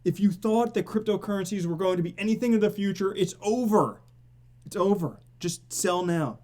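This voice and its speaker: A man hosting a casual live stream, theatrical and excitable, swearing and greeting viewers in the chat by name. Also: high-pitched, normal speed. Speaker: crypto live stream host.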